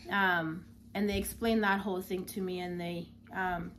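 A woman's voice: on the low side, little pitch movement, normal speed, fairly bright tone, slight background noise. A young woman, a new mother, telling a personal story in a casual, chatty way with lots of filler words.

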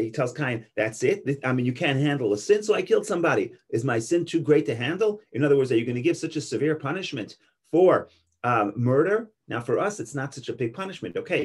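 A man teaching a Torah class on Genesis, speaking slowly with many restarts and quoting Hebrew. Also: medium pitch, breathy edge. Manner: slow, searching, with restarts and Hebrew quotes.

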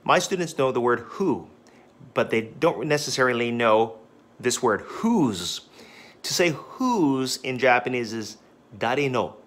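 A man's voice: mid-range voice, big pitch swings, fairly bright tone, echoey room, distant mic. Patient man explaining a flashcard lesson. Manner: clear, deliberate enunciation with a patient teaching tone; switches between English and Japanese phrases to explain them. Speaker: English teacher.

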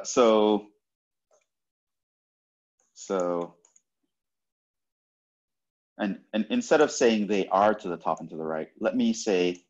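A man with a fairly low voice gives a university math lecture, heard through a muffled recording. He explains things step by step, repeats his points, and keeps checking in with "right?"

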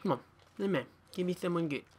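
A man's voice: high-pitched, lively intonation, fast talker, a little hiss or hum. A young man commentating a game pack opening, tired and swearing as he mutters to himself. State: tired, yawning. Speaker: gaming YouTuber.

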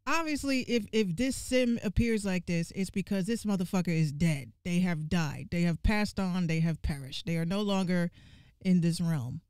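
A woman giving casual gaming commentary, ranting in an animated, profane and exasperated way and repeating lines for emphasis. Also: lowish voice, normal speed, clear, resonant tone, dry recording, studio quality.

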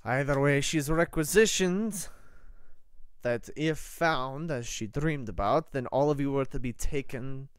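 A man voicing a stern female prelate in a tabletop game, with a put-on Russian accent and a low, clipped, officious delivery. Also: a little slow, clean tone, dry recording, close to an everyday voice.

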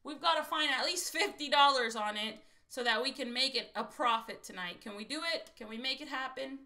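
A woman from Texas hosting a casual lottery scratch-off livestream, chatty and excitable and talking straight to her viewers. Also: sits high, brisk. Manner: chatty and excitable, keeps saying "you guys".

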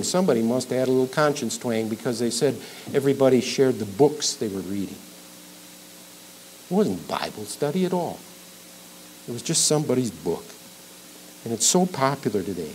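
A middle-aged male pastor preaching an expository sermon, emphatic, building to loud peaks on key points. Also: mid-range voice, breathy edge, rough recording. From Minnesota.

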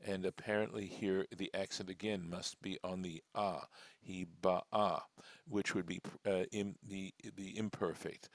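A man's voice: low-pitched, no echo. A man teaching a text class as a rabbi, reading lines aloud and then translating and explaining them patiently. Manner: deliberate, with frequent fillers and restarts. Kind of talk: slow, methodical text study.

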